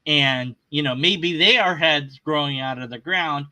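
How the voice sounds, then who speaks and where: A man rants casually about a video he is reacting to, sarcastic and agitated, and often stops to restart a thought. His voice sits high and sounds very bright and cutting. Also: a little slow, poor audio. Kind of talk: casual rant.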